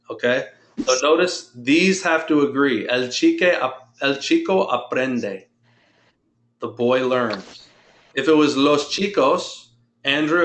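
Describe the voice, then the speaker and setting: Male Spanish teacher, patient, explains step by step, mid-pitched, roomy echo. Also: fairly bright tone. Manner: patient, explains slowly and drills pronunciation. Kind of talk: online language lesson.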